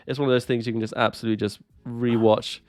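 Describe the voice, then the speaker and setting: Male podcast co-host, mid-pitched, chatty and jokey, dry close sound on a call mic. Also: level tone, fast, darkish tone, no echo. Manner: chatty, laughs a lot, swears casually. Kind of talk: casual chat. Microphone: desk microphone on a voice call.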